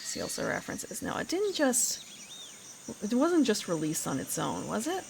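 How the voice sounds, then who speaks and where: A woman's voice: medium pitch, wildly swooping pitch, moderate pace, gravelly, slight background noise. A woman streamer chatting casually while she plays, rambling and correcting herself as she goes. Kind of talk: casual gaming commentary.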